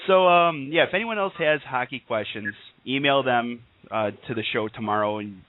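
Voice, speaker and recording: A man's voice: medium pitch, normal speed, no echo. Laughing man on a phone line. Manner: joking, laughs often. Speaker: podcast host. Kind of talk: casual radio chat. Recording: tinny phone line, dry.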